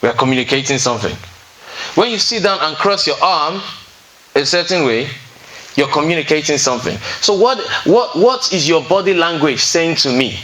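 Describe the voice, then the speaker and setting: A man's voice: on the high side, expressive, normal speed, a bit bright, low-quality recording. A man giving a relationship talk to a seated audience in a room. He keeps it conversational, checks in with his listeners often and tells stories from counseling sessions. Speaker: relationship speaker at a singles fellowship. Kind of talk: teaching talk to a live audience.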